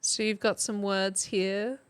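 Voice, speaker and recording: A young woman streaming live, hosting a playful mock class in a casual chatty way, laughing often and exclaiming with excitement. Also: mid-range voice, slow pace, clear, resonant tone.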